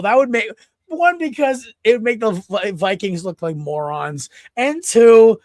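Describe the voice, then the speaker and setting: A man co-hosting a sports podcast, chatting casually and excitably, rambling with lots of restarts. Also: extremely high pitch, measured pace, no room sound, studio quality. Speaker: podcast co-host.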